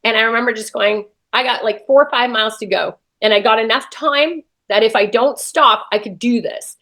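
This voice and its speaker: A woman with a slightly high voice tells a personal story in an interview. She talks with lively feeling and acts out her own past thoughts as she goes. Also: moderate pace. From Canada. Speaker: interview guest.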